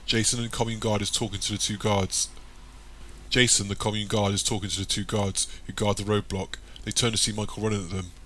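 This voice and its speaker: A man reading an audiobook chapter in plain, even scripted narration. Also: fairly low pitch, a little fast, a little hiss or hum.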